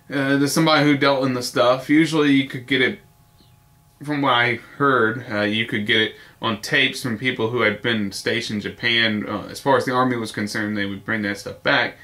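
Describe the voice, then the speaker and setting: A man talking into his camera in a loose, rambling monologue, full of fillers and the odd swear word. His voice is bright and forward, sitting at an ordinary middle pitch. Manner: rambling, nostalgic, with frequent fillers and mild swearing. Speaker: vlogger. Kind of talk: casual video response monologue.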